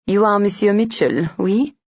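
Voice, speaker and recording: A man's voice: high voice, moderate pace, no echo, voice pushed up. Lisette, a purring French femme fatale, read by a man. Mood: sly. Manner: purring, sweetly menacing. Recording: dull lo-fi dry audio.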